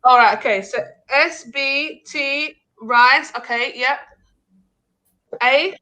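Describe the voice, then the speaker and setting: A woman's voice: sits high, slow, bright, forceful tone, poor audio. A woman hosting an online quiz show on a video call, playful and bantering, laughing often. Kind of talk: livestream game show hosting.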